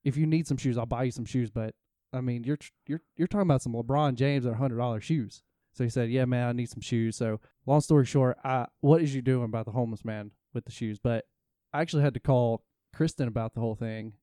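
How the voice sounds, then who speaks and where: Male co-host, casual rambling storyteller, warm smooth voice, dry close sound. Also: medium pitch, steady tone, fast talker, dry recording. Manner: rambling, self-interrupting storyteller. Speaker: podcast co-host.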